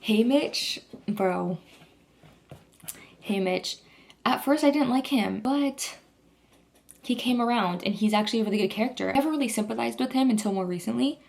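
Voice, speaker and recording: A woman's voice: on the high side, moderate pace, creaky, pauses often, a little mellow. Gushing young woman rambling casually. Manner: gushing, rambling, heavy use of "like". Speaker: vlogger. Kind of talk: casual chat.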